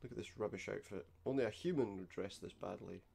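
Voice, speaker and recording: A man's voice: on the low side, fast, creaky, darkish tone, a little hiss or hum. A man giving gameplay commentary, reading game text aloud with dry, sarcastic asides. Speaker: let's play host.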